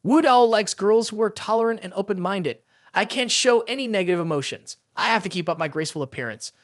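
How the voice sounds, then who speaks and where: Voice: mid-range voice, animated, fairly quick, no room sound, studio quality, lightly acted. Narrator doing a hurt, pleading young woman. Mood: anxious. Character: devoted young woman, anxious and hurt girlfriend.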